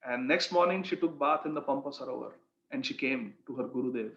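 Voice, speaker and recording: A man's voice: medium pitch, fairly quick, a bit bright. Man telling a devotional story. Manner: earnest, explains asides to the listeners. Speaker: spiritual teacher. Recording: echoey, dull lo-fi room recording.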